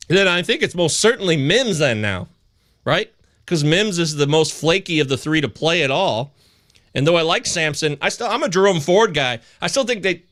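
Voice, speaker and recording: A male host runs a live fantasy football chat, his pitch leaping up and down as he rambles. His voice is bright and a touch high, and he swears freely when the news goes against him.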